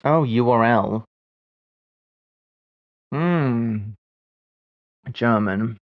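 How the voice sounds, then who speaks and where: He's in his forties, working through puzzles on a live stream while murmuring incomplete thoughts and chuckling when he messes up. His medium-pitched voice draws out words, and the dry recording sounds like it's coming through a phone.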